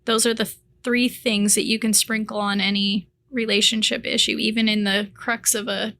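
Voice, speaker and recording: A woman host clearly recapping the guest's key points for listeners. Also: medium pitch, flat delivery, normal speed, bright, forceful tone. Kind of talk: summarizing for listeners.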